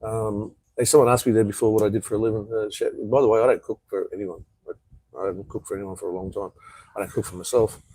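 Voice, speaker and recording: An Australian man chats casually on a live stream from an outdoor patio, rambling in a laid-back way and reading out viewer comments. His voice is fairly low, fast, a little mellow and breathy, with fairly even intonation. The rough recording has no room sound.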